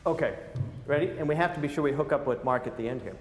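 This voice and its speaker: A man's voice: a little high, fast, a little hiss or hum. A man teaching a clarinet masterclass, coaching the players with jokes and counting them in. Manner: animated, joking, coaching with counts. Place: large recital hall. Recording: roomy hall sound, faint ambience.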